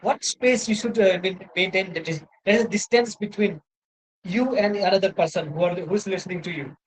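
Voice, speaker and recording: A man's voice: high voice, fairly quick, rough recording. Rambling Indian man lecturing on a laptop. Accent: Indian English. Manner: rambling, repeats "you know" and "right?". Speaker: university lecturer. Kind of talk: online lecture. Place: indoors at a laptop, video lecture. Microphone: laptop microphone.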